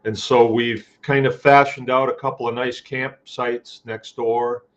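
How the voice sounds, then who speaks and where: A man's voice: medium pitch, flat delivery, measured pace, highs cut off. A man hosting a casual farming live chat from his farm, folksy and rambling as he greets viewers by name. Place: home farm.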